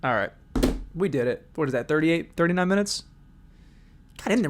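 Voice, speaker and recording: A man's voice: on the high side, animated, a little fast, pauses often. A man hosting a solo comedy podcast, ranting crudely and energetically. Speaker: podcast host.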